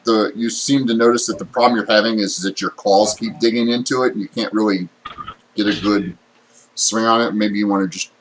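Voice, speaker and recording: A man's voice: lowish voice, steady tone, a little fast, a little hiss or hum, low-quality recording. A man running a tabletop game as game master, narrating the action and explaining rules with plenty of fillers.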